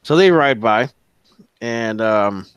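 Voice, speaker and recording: A man running a tabletop game as game master, casual and profane, narrating the action and briefly squeaking out characters. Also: expressive, smooth, no room sound, lo-fi sound. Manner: casual, profane, acts out characters in quick high voices.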